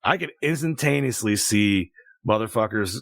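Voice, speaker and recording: A man in his thirties hosting a casual podcast, telling animated, profanity-laced stories. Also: fairly low pitch, normal speed, creaky, dry recording. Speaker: podcast host.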